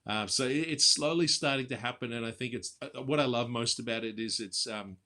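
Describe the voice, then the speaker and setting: Man, impersonator guest, bright crisp voice, casual chatty, video call. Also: mid-range voice. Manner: chatty, quick laughs, drops into voices. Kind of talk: casual interview chat.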